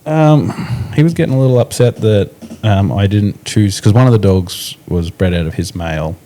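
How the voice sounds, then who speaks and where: A man co-hosting a podcast in casual chat, easygoing and halting, with many fillers. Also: on the low side, dark tone. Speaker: podcast co-host. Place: indoors podcast recording.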